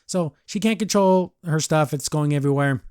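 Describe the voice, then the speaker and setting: A man's voice: on the high side, moderate pace, darkish tone, smooth, dry recording, studio quality. Rambling man recapping a cartoon episode. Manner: rambling, heavy use of "like", acts out quotes. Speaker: podcast reviewer.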